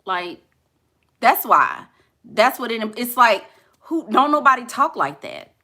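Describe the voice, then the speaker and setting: Bright-voiced, chatty woman vlogger. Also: a little high, sing-song, a little slow. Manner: chatty, playful, laughs often. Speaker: vlogger talking to live viewers. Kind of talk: casual joking commentary.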